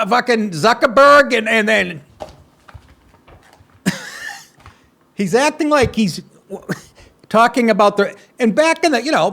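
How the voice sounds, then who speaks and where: Sarcastic high-pitched ranting male host. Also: fairly bright tone. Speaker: talk show host. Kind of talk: profane political commentary over clips.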